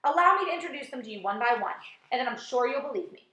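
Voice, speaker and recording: A woman's voice: sits high, expressive, fast talker, sharp tone. A woman voicing a cheerful small boy in a storybook, eager and friendly, in an echoey room.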